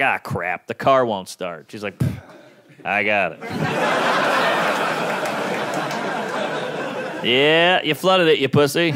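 Man in his 30s, stand-up comic, lively up-and-down delivery, live club audio with audience noise. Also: fairly high pitch. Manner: deadpan one-liners with quick acted-out quotes. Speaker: stand-up comedian. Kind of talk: stand-up comedy set. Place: comedy club stage. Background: audience laughing.

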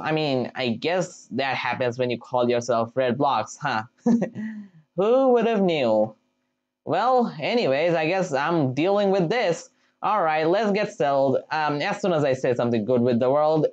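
A gameplay commentator talks through a game with a bouncy, lively voice that swoops up and down. The delivery is casual and jumpy, quick to break into startled exclamations. The sound is dull and lo-fi, like a cheap home mic. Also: medium pitch. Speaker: gameplay video creator.

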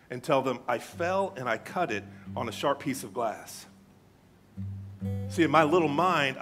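A man preaching a sermon, telling a story earnestly and then leading a hushed, reverent prayer. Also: on the high side. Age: adult, old enough to have grown up past second grade. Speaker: pastor. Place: church service. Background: soft guitar music.

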